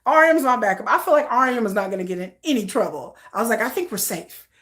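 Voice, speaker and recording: High, lively woman joking to camera. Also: fast. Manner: playful, joking, laughs often. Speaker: K-pop news vlogger. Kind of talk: casual chat to camera.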